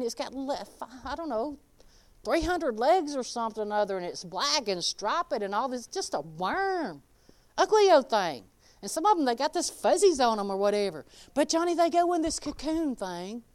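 Lady preaching, homey and emphatic, clear resonant voice. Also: high voice. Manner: folksy, emphatic, swings between loud exclaiming and quiet asides. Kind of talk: sermon.

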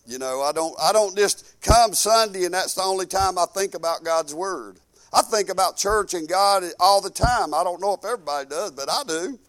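A man preaching a sermon in a folksy, fervent way, dropping from loud proclaiming to quiet musing. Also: high-pitched, normal speed. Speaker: pastor.

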